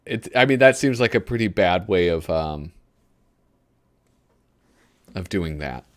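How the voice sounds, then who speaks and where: A man's voice: deep voice, lively intonation, unhurried. A male host giving casual live commentary while flipping through a magazine. He rambles, gropes for names and chuckles often.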